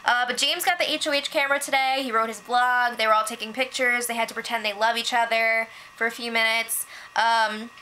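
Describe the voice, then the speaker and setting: A woman's voice: fairly high pitch, fairly even intonation, pushed and bright, a little hiss or hum, poor audio. A young woman hosting a casual recap vlog, chatty and gossipy, quoting others as she goes. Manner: chatty gossiping, quick quoted voices, fillers like "like". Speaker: show update host.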